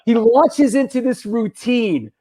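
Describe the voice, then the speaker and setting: A man's voice: extremely high pitch, slow. A middle-aged man hosting a casual chat show, swapping anecdotes in a chatty way. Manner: chatty anecdote teller, lively. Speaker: host.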